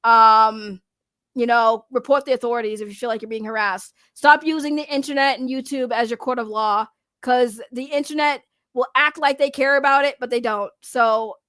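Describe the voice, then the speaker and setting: High-voiced sarcastic streamer woman. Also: a bit bright, dry recording, clean studio sound. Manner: rambling, sarcastic, frequent restarts and laughs. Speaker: commentary streamer. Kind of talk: casual live-stream commentary.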